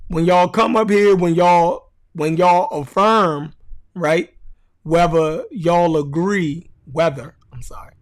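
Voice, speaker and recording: Slow-talking Baltimore man, high voice. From Baltimore, USA. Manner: blunt, profane, repeats phrases for emphasis. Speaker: podcast host. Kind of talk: casual livestream talk to a chat.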